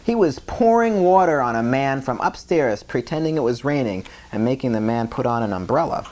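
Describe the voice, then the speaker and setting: A man's voice: mid-range voice, lively intonation, a little fast, a little mellow. A man reading a bedtime story aloud to a child in a chatty way, stopping to explain words as he goes.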